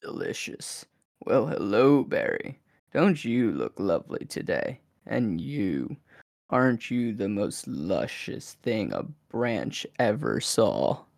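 A man voicing a male fairy creature in a low, slow, seductive croon. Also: very animated, vocal fry, a little mellow, dry recording, studio quality, heavily acted. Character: sultry deep-voiced male fairy creature.

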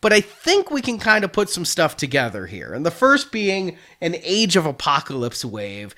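A man's voice: a little high, huge pitch swings, moderate pace, bright, forceful tone. A man hosting a casual chat about toy figures, chatty and joking, laughing often. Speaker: toy collecting podcast host.

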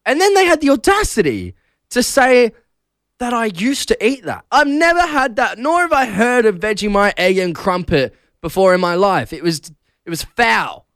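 A young Australian man chats through a breakfast radio show, laughing often as he tells stories. His pitch is on the higher side and swings widely. The studio sound is dry and close. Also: normal speed, dry recording. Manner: chatty, laughs often, animated storytelling. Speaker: radio host. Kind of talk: casual breakfast radio chat. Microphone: studio broadcast mic.

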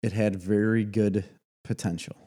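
A man's voice: on the low side, steady tone, unhurried, warm tone. A man co-hosting a podcast, chatting casually and teasing his partner with jokes. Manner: joking, teasing banter. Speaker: podcast co-host. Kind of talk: casual chat.

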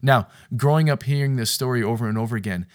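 A man giving a sermon-style podcast talk, stressing his points by repeating phrases and moving from hushed near-whispers to loud bursts. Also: medium pitch, quick pace.

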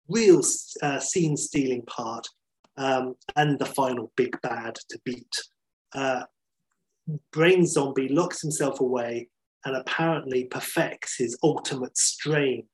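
Man, podcast host, chatty and enthusiastic, mid-pitched, casual storytelling. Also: unhurried, poor audio. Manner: enthusiastic, chatty, with many fillers.

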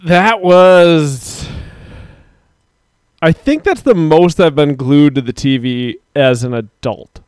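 A man's voice: fairly high pitch, takes it slowly, darkish tone, smooth, no room sound. A man in his thirties co-hosting a casual streamed chat show, rambling with frequent laughs and casual swearing. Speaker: podcast co-host.

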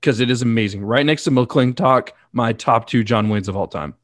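A man's voice: medium pitch, moderate pace, no echo. A man co-hosting a podcast, teasing his partner with dry humor in casual chat. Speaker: podcast co-host.

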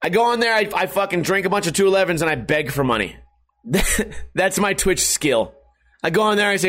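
A man's voice: high-pitched, lively intonation, a little fast, fairly bright tone. Profane joking man in his thirties. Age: 30s. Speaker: streamer. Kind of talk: casual rambling vlog. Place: hot house. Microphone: webcam setup at home.

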